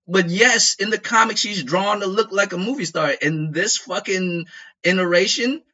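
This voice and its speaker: Bright-voiced man ranting profanely. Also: sits high. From United States. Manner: profane, animated rant with frequent laughs. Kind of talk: casual chat. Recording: dull lo-fi audio.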